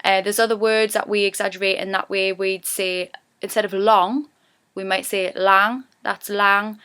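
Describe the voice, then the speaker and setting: A woman with a broad Geordie accent talks through a casual lesson in a chatty, easygoing way. Her voice is smooth and clear, sitting at an ordinary middle pitch. She turns animated whenever she acts out the example phrases. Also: normal speed. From Newcastle, England. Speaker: YouTuber teaching dialect.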